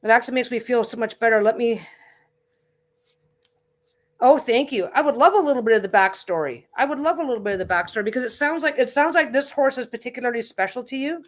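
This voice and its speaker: A woman hosts a relaxed livestreamed tarot reading, her voice sitting a little above the usual for a woman. She talks in a rambling, reassuring way, often starting a sentence, stopping and trying again. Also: fairly high pitch, fast talker. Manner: rambling, reassuring, with frequent restarts. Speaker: tarot reader and livestream host. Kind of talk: casual chat during a livestreamed tarot reading.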